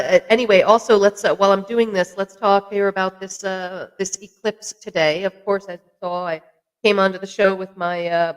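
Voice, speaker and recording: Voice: medium pitch, fairly bright tone, clean tone, poor audio. A podcast host talking casually to the camera, rambling along with lots of fillers and restarts while sipping a drink. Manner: chatty and rambling, with many fillers and self-corrections. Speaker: podcast host reviewing beer.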